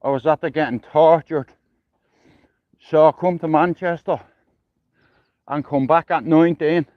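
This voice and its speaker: Slow-talking Dublin man, dull lo-fi phone stream. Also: fairly high pitch, fairly even intonation, no room sound. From Ireland. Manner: rambling, sweary, "you know what I mean". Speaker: livestreamer. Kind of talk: casual livestream chat. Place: outdoors, walking through a neighbourhood.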